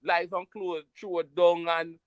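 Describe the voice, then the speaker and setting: A man from Jamaica with a Jamaican accent, telling a story in an animated, emphatic patois style during a casual chat. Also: high-pitched, takes it slowly, crowd noise.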